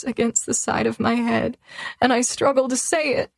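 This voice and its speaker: Brief: young woman, emotional first-person romance narrator, higher voice, dry close sound. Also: little pitch movement, normal speed, creaky, no echo. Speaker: audiobook narrator.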